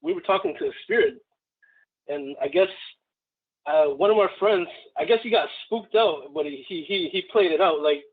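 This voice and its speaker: A man calling in to tell a story, halting with many fillers and restarts, over a phone line. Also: a little high, breathy edge. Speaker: caller. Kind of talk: casual storytelling.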